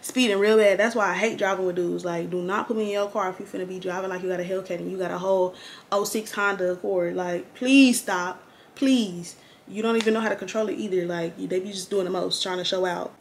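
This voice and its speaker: A young woman chatting slangily through a get-ready-with-me storytime, animated and candid. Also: mid-range voice, fast, a little hiss or hum. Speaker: vlogger.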